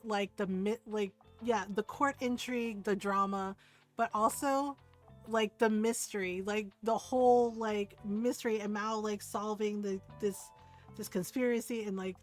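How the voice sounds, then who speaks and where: High-ish woman streamer rambling on, lots of likes and rights, soft game music in the back. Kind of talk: casual chat while gaming.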